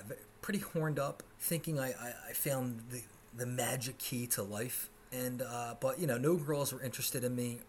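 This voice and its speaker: A man's voice: medium pitch, a little hiss or hum. A man in his twenties hosting a podcast from his apartment, ranting sarcastically and profanely about his life. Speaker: podcast host. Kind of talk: solo comedic rant.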